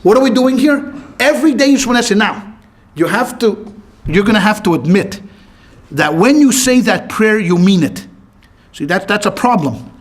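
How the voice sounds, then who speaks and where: A man's voice: high voice, normal speed. A man teaching a class as a rabbi, asking the room questions, answering them himself and telling short stories with quoted lines. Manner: lively, asks questions and answers them himself, tells anecdotes with voiced quotes. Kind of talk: classroom lecture with questions to the audience.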